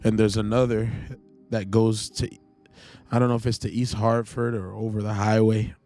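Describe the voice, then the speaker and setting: Man, podcast host, personal testimony, halting and emotional, warm dark tone. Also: on the low side, level tone, faint music behind. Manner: earnest, halting, emotional storytelling.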